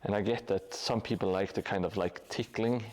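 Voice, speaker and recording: A man's voice: lowish voice, fairly even intonation, moderate pace, darkish tone. A man live-streaming his terrain painting in a casual, hesitant way, with many fillers and restarts. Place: home hobby room above a gym.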